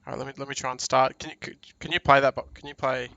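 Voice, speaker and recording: A man's voice: medium pitch, flat delivery, rapid-fire, vocal fry, bright, forceful tone, no echo, highs cut off. An Australian man with an ordinary mid-range voice chats on a live game stream. He sounds easygoing and agreeable, chiming in and going along with the others. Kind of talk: casual live-stream chat.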